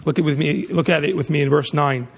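A man's voice: fairly high pitch, fast, vocal fry, breathy edge. A man preaching a sermon, emphatic, often restarting and repeating words mid-sentence.

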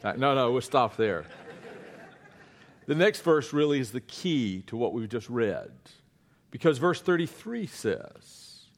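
A man's voice: mid-range voice, lively intonation, takes it slowly. A man, a preacher giving a sermon and coaxing his congregation to read scripture aloud with him. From Eastern North Carolina. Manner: playful, coaxing the congregation, then hushed and earnest. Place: church before a congregation.

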